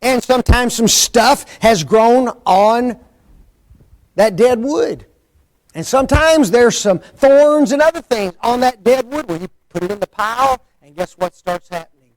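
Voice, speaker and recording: A man's voice: very high-pitched, measured pace, no room sound, rough recording. A man preaching a sermon in a folksy, conversational way, often asking the listeners rhetorical questions.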